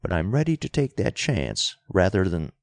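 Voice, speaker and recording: A man voicing a composed, dignified older statesman who speaks calmly and courteously. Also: deep voice, moderate pace, creaky, no room sound, clean studio sound, heavily acted. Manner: calm, courteous.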